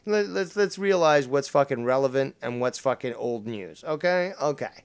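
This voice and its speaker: A young man hosting an online commentary chat, with a gravelly, fry-laden voice that swings up and down in pitch. He talks in an incredulous, heavily profane way throughout. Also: expressive, moderate pace. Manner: incredulous, swears constantly. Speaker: podcast host.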